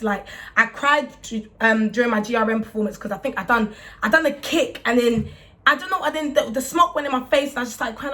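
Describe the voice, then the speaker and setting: A young woman talks openly to the camera in a casual, rambling way. She often restarts her sentences and fills gaps with small words. Her voice sits a little high. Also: fairly bright tone. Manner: fast, rambling, with many restarts and fillers. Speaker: music artist talking to camera. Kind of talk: candid casual talk to camera. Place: indoors, warm room.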